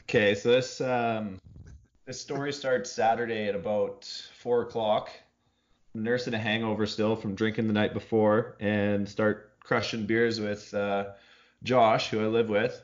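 A low-voiced man recounts a story in a relaxed, profane way, laughing as he goes. He talks casually on a podcast with friends, and the recording is slightly muffled. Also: measured pace. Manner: laid-back, profane, laughs often. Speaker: podcast co-host.

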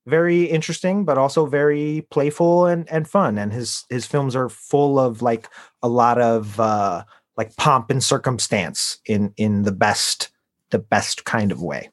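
A man's voice: medium pitch, a little slow. A man co-hosting a podcast, chatting casually and rambling, with lots of fillers as he searches for words. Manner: rambling, many fillers and restarts. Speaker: podcast co-host. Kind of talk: casual chat.

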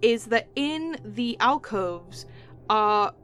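A woman's voice: fairly high pitch, animated, very slow, a bit bright, soft background music. A woman narrating as game master, describing scenes with lots of loose fillers. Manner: descriptive, with many "like" fillers and light laughs.

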